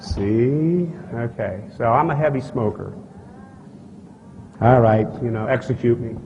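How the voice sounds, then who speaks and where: A man giving a live conference talk, telling a personal story in a blunt, folksy way, acting out dialogue and often clearing his throat. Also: mid-range voice, measured pace, muffled recording. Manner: animated storyteller who acts out dialogue and gestures; blunt and folksy, with frequent asides to the audience. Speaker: speaker at a conference. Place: stage in a large conference hall. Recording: archival talk, echoey hall, faint noise.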